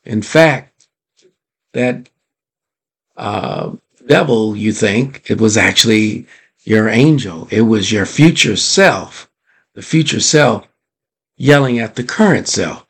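A male podcast host with a low, gravelly voice talks at an unhurried pace, stretching his words out. He speaks in a motivational monologue and keeps asking his listeners rhetorical questions. His tone is a little husky. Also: animated, fairly bright tone. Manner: drawn-out, deliberate delivery.

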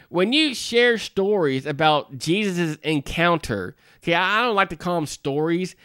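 A male minister with a bright, smooth, somewhat high voice gives a folksy devotional talk to parents. He speaks conversationally, often adding asides and restarting his sentences. The recording is dry and close. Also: no room sound. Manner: conversational, with frequent "you know" asides and restarts.

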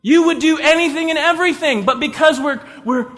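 A man preaching a sermon in an animated way, acting out the people in his story. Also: very high voice, a little fast, very noisy. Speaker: pastor. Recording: long hall reverb.

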